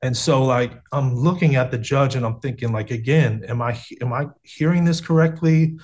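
A man's voice: mid-range voice, normal speed, a little mellow. An earnest man in his thirties from the United States tells his story on a video call. He talks casually, with plenty of restarts and slang like "man" and "bro". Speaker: guest sharing testimony. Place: home setup on a video call.

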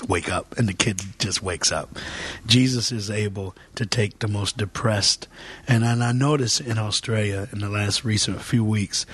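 A man as a guest preacher in an interview, talking fervently with many fillers and repeats, sometimes dropping to a soft near-whisper. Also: on the low side, husky. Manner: filler-heavy, repeats words.

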